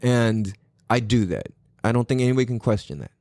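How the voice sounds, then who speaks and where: Lively, profane male podcast host. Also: medium pitch, a little fast, no echo, clean studio sound. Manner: profane, animated storytelling, acts out his own quotes. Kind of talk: casual podcast monologue.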